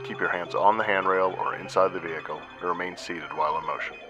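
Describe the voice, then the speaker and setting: Launch safety announcer, played by a man: deep, clipped, over music. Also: steady tone, fast talker, dull audio, close to an everyday voice. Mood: instructive. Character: male flight safety announcer at a spaceport.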